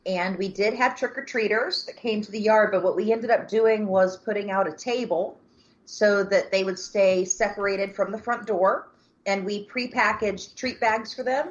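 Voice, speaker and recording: A woman co-hosting a casual podcast chat, talking bluntly and calmly. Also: mid-range voice, moderate pace, highs cut off. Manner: blunt and calming. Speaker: podcast co-host.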